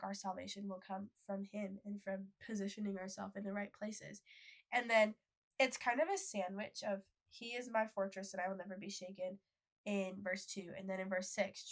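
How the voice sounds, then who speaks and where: A young woman talks through a faith podcast in a casual, friendly register, with a noticeable gravelly fry in her voice. She reads scripture passages aloud and then breaks them down in plain, everyday speech. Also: medium pitch. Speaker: podcast co-host.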